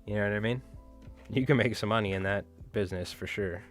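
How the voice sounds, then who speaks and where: Brief: casual male stream host, lowish voice, rambling and profane, soft music underneath. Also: quick pace. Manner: rambling, swearing, chatty, talks to viewers. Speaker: fly tying livestream host. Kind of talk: casual livestream chat while tying.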